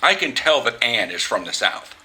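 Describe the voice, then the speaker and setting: A man from the US Pacific Northwest giving opinionated vlog commentary, halting and restarting his sentences, with wry asides. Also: medium pitch, very animated, pushed and bright, rough recording. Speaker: vlogger.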